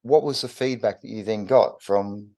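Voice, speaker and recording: A middle-aged man co-hosting a casual podcast chat, calm and supportive, prompting his partner with questions. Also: on the low side, moderate pace. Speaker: podcast co-host.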